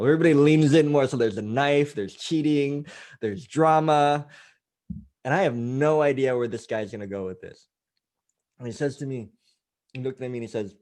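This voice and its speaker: A man's voice: medium pitch, animated, normal speed, long pauses. Male life coach, casual self-mocking storyteller, filler-heavy and chatty, mid-range voice.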